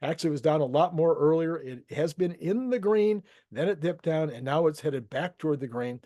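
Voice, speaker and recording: A man's voice: a little high, expressive, brisk, dark tone, no room sound, dull audio. A man hosting a solo economic commentary show, talking it through casually with frequent restarts. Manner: conversational, thinking aloud with restarts. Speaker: market commentary host.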